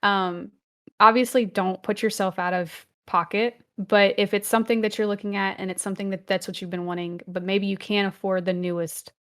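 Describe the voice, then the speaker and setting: A woman in her thirties co-hosts a relaxed podcast, talking at a medium pitch. She rambles warmly with lots of "um"s and gets animated when she quotes her family. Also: brisk. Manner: chatty, animated when quoting family, many "um"s. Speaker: podcast co-host. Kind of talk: casual chat.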